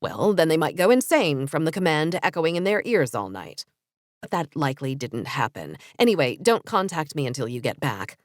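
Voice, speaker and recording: A woman's voice: sits low, big pitch swings, moderate pace, dry recording, voice pushed down. A woman narrator voicing a sarcastic, bossy female mentor in a storybook reading, in a dry, cutting tone.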